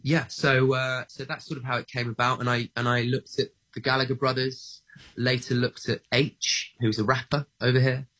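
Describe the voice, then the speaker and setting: A man's voice: medium pitch, level tone, moderate pace, bright, forceful tone. A man from England, an actor guest in a radio interview, answering thoughtfully with lots of "uh"s and restarts and a self-deprecating humor. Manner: hesitant, many fillers and restarts, self-deprecating.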